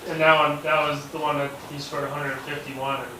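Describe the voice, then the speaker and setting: A man telling a hunting story in casual chat, animated, acting out quotes and swearing freely. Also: a little high, fairly quick. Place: hunting camp gathering. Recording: echoey, distant, noisy camp recording.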